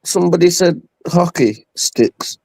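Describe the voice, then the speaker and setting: A man, bantering casually as a co-host in a relaxed, slangy way with frequent tag questions. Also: sits high, measured pace, creaky, breathy edge, dry recording, poor audio. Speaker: radio show co-host.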